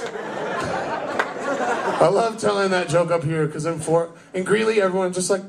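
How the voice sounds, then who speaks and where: A young man performing a stand-up comedy set in a live club, telling stories with energy and breaking into shouted character voices. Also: high-pitched, a little slow, creaky, long pauses, crowd noise. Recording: noisy live club recording. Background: audience laughter.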